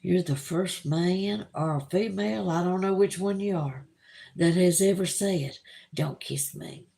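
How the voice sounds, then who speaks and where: A woman's voice: on the low side, unhurried, vocal fry, warm tone. A woman with a Southern US accent hosting a livestream, reading viewer comments aloud in a gushing, emotional, chatty way. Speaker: livestream host. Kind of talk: casual live chat reading viewer comments.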